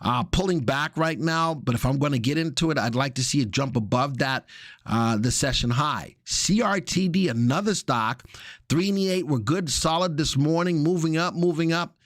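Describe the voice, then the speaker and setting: A man's voice: a little high, moderate pace, dry recording, clean studio sound. Man hosting a casual live market show. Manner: casual, chatty, jokey asides. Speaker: stock market analyst host.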